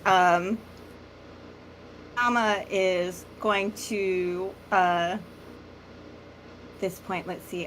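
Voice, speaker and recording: A woman's voice: fairly low pitch, a bit bright, a little hiss or hum. A woman playing a tabletop role-play game, describing her moves hesitantly with many fillers. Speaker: player.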